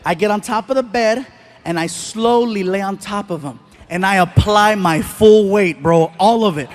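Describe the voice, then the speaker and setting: High-voiced man doing stand-up. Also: normal speed. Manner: animated, sound effects and voices. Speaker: stand-up comedian. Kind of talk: stand-up comedy storytelling. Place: live comedy stage.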